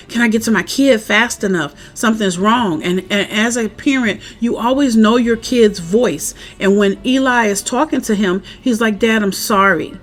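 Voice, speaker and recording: Chatty woman recapping a TV episode. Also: mid-range voice. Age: adult parent. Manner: chatty, animated, acts out characters' lines. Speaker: show recap vlogger. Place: outdoors, windy.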